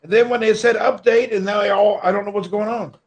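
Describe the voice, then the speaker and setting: Brief: adult man, high voice, distracted and grumbling, livestream guest. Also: fairly even intonation, brisk, a crowd in the background. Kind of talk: casual live-stream chat.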